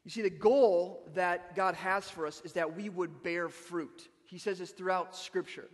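Man, pastor, sermon, high voice, conversational with restarts, reverberant church hall. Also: fairly even intonation, unhurried. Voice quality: conversational, with frequent restarts and "right?" asides.

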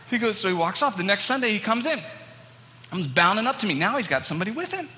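A man preaching a storytelling sermon to a congregation, acting out the people in his stories with growing excitement. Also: high voice, fast. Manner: animated, acts out quoted people, rising excitement. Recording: long hall reverb, faint ambience.

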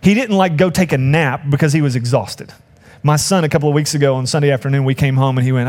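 A man's voice: medium pitch, lively intonation, fast, a little mellow. A man preaching a conversational sermon as pastor, acting out quoted voices with humor.

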